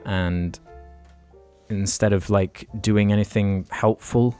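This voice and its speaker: Low-voiced sweary British podcast man. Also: steady tone, slow pace, a little mellow, clear, resonant tone, dry recording, faint music behind. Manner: frank, sweary, meandering with restarts. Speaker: podcast co-host. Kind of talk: casual chat, storytelling.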